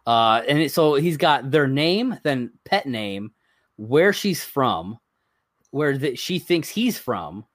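A man's voice: medium pitch, sing-song, slow, fairly bright tone, dry recording, studio quality. A man co-hosting a podcast, chatting casually as he reads items from a list, rambling and chuckling along the way. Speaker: podcast co-host. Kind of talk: casual chat.

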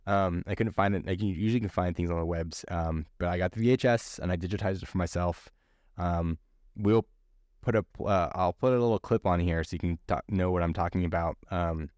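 A man hosting a podcast, talking fast in a casual, rambling way with many fillers. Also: low-pitched, darkish tone, dry recording, studio quality. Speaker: podcast host, actor. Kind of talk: casual chat.

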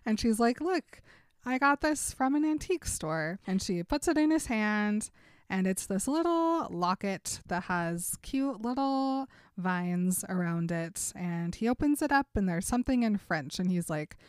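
A woman co-hosts a casual podcast and retells a book plot in an animated way, laughing often. Her voice is smooth and resonant, recorded dry and close with no room sound. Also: mid-range voice, a little slow, dry recording. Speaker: podcast co-host. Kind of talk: casual book recap chat.

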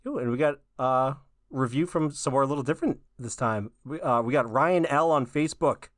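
A man co-hosting a podcast, raspy from a recent illness, chatting casually and laughing often. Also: medium pitch, brisk, dry recording, studio quality. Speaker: podcast co-host.

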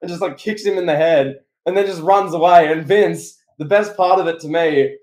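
A man co-hosting a podcast, telling a story in an animated, excitable way. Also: a little high, moderate pace, background noise. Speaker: podcast co-host. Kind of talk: casual podcast chat. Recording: echoey room.

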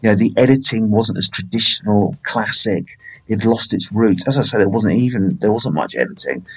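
A man's voice: fairly low pitch, animated, moderate pace, breathy edge, muffled recording. A man hosting a casual film review podcast, rambling and playful with lots of fillers.

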